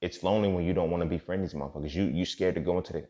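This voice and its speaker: Deep gravelly dude ranting casual motivation, lots of slang and cussing, kinda muffled lo-fi sound. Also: male voice, steady tone, racing, hardly any pauses, warm tone. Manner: profane, streetwise slang, repeats "you feel me". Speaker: podcast host. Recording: dull lo-fi recording.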